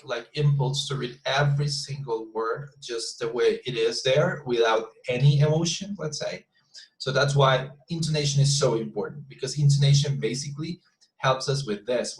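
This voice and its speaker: A man's voice: mid-range voice, echoey room, low-quality recording. A male English teacher giving an online class, often restarting his phrases and checking in with "you see?".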